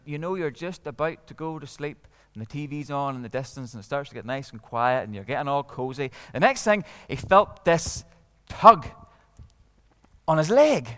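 Expressive Northern Irish storyteller man. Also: on the high side, big-room sound. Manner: lively, expressive, with dramatic hushes. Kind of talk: telling a story to a live audience.

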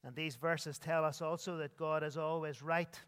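A man's voice: on the high side, fairly even intonation, moderate pace, a bit bright, smooth, long reverb tail. A man preaching an earnest sermon as pastor, his voice rising and dropping with emphasis. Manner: earnest preaching with sweeping rises and drops.

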